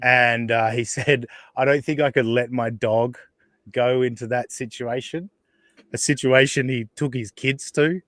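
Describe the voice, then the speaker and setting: A man's voice: mid-range voice, fairly even intonation, measured pace, a bit bright, no echo, studio quality. An Australian man hosting a podcast, chatting casually with sarcastic asides, frequent laughs and swearing. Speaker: podcast host. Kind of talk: casual chat.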